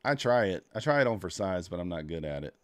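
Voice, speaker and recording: In casual livestream chat, a futures trader with a deep, low voice speaks fast in a sing-song way. He rambles to his viewers while trading and mumbles to himself as he digs through his software; the audio is close, dry, and echo-free.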